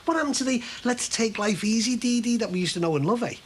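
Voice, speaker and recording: An actor playing a blunt, sarcastic middle-aged shopkeeper, in a soap opera. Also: male voice, very high voice, expressive, quick pace, a little hiss or hum. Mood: heated.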